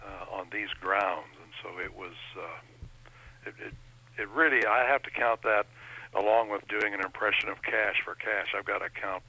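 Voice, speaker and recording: A man's voice: fairly low pitch, steady tone, moderate pace, bright, forceful tone, slightly rough, low-quality recording. A man being interviewed as an impressionist, telling stories in a chatty, folksy way. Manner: chatty anecdotal storyteller, folksy. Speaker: impressionist guest. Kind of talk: interview chat.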